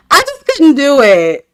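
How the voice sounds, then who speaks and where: A reality TV commentator with a high-pitched, pushed, bright voice reviews a dating show on a relaxed livestream. She talks frankly to her chat and keeps breaking into laughter.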